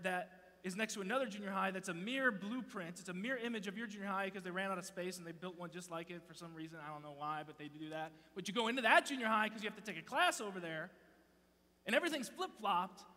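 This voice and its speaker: A man in his thirties giving a joking, animated youth sermon from a church stage, telling stories and interrupting himself. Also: sits high. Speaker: youth pastor. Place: large church auditorium stage. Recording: long hall reverb.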